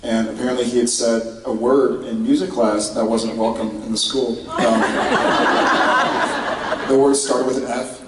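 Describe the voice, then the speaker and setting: A man's voice: mid-range voice, a little slow. A man on a convention panel telling a story about his son, laughing and quoting the conversation. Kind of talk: anecdote told on stage. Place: large convention hall. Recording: echoey hall, mic heard from far off, loud noise.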